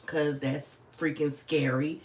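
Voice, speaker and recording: A woman's voice: low-pitched, little pitch movement, takes it slowly, reverberant. A woman, chatting casually and swearing freely on a livestream. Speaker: livestream host. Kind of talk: casual livestream chat while planning.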